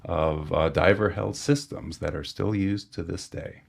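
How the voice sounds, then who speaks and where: A man, a sonar engineer guest on a podcast, giving a technical explanation and often pausing with fillers and restarts. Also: sits low, vocal fry.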